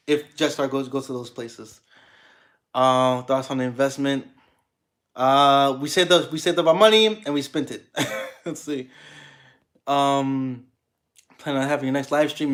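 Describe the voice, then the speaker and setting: A young man hosting a livestream, chatting casually with viewers in a rambling way, with many restarts and fillers. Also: medium pitch. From United States. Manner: laid-back, swears casually. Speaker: livestream host. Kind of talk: casual livestream chat reading comments.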